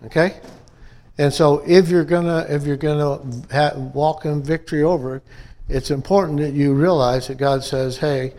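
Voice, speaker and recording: A man's voice: fairly high pitch, steady tone, normal speed, a little mellow. A pastor from upstate New York delivering a conversational sermon to his church, often checking in with the congregation by asking "okay?" and "amen?".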